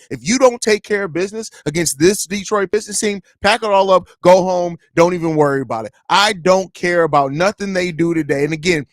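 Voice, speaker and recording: A man's voice: sits high, dry recording, studio quality. A man hosting a sports pregame show, delivering a heated, profane rant with lots of repetition. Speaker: podcast host.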